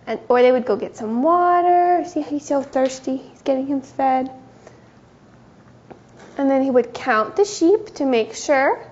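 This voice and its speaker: A woman giving a gentle, sing-song Bible lesson to small children. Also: sits high, animated, unhurried, muffled recording. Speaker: children's teacher.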